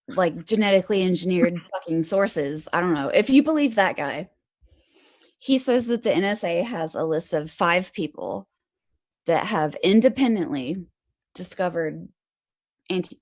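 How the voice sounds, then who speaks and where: Lower-pitched woman rambling away, swears a lot, laughs mid-sentence. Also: darkish tone. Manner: rambling, profane, laughs often. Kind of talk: casual rambling chat.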